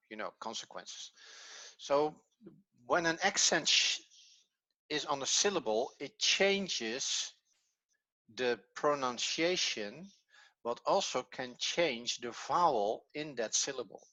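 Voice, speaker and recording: A man's voice: mid-range voice, lively intonation, takes it slowly, sharp tone. A man with a Dutch accent, a native Dutch speaker teaching a language lesson in English, patiently repeating key words as he explains. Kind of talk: classroom lesson.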